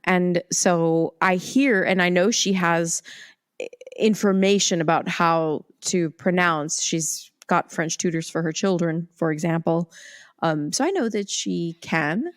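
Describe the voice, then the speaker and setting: A woman's voice: fairly low pitch, unhurried, dry recording, studio quality. A woman co-hosting a podcast, talking casually in a thoughtful, hedging way. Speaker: podcast co-host. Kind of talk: casual chat.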